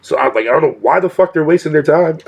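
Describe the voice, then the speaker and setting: A man's voice: on the high side, brisk, gravelly, slightly rough. A male streamer talking casually to his chat in a profane rant, swearing constantly and laughing often.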